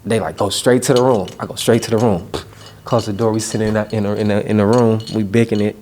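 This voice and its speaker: A man's voice: fairly low pitch, fast talker, slight background noise. A young man from Los Angeles, a rapper, telling slangy rambling stories in a casual interview. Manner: slangy, rambling, animated street storytelling.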